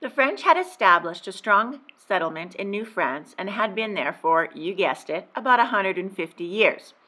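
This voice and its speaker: A woman teacher narrates a history lesson aimed at children, playful and teasing, dropping exaggerated asides to her students. Her pitch sits at an ordinary middle height but swings widely and expressively from line to line. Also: animated, moderate pace, sharp tone.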